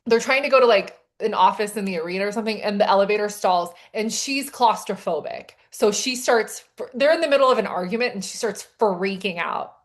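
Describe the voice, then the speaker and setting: Woman, romance author, co-host, casual chat, animated storyteller, mid-pitched voice, lots of "like". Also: fairly quick, hardly any pauses. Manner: animated storytelling with frequent "like" and quoted dialogue.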